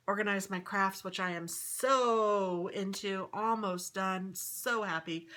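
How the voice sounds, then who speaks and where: A woman's voice: mid-range voice, a bit bright. A woman casually chatting through a flip-through of her craft planner, upbeat and rambling. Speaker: crafting vlogger.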